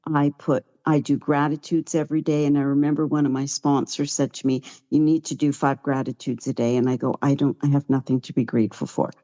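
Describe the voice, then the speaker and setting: A woman's voice: extremely low pitch, level tone, fairly quick, few pauses, mellow, muffled recording. A middle-aged woman giving a chatty, heartfelt personal recovery share at a meeting, sometimes close to tears. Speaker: guest speaker at a recovery meeting.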